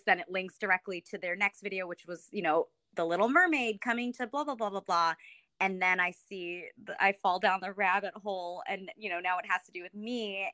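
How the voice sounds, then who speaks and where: Bright-voiced woman telling a lively story. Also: no room sound. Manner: animated storyteller, acts out quotes with big pitch jumps; many fillers and restarts. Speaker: podcast guest, actress. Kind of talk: casual storytelling chat.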